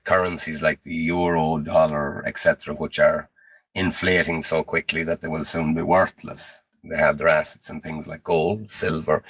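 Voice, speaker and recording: Deep-voiced man lecturing gravely. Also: a bit bright, no room sound. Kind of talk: monologue on conspiracy theories.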